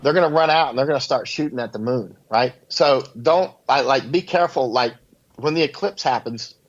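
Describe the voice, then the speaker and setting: A man's voice: mid-range voice, a little fast. A man telling rambling stories as a guest in a casual interview, laughing at his own anecdotes. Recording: dull lo-fi audio.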